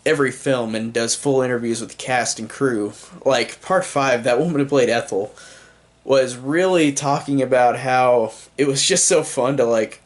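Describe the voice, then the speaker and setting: Rambling, enthusiastic young man reviewing movies. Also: medium pitch. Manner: enthusiastic, rambling, many fillers like "like" and "um". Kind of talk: casual spoken movie review.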